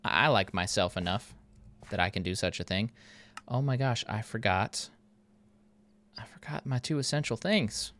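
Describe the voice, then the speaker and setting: A man's voice: medium pitch, a little slow, long pauses, a bit bright. A man hosting a game video, chatting casually and thinking aloud with a self-mocking tone. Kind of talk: casual gameplay commentary.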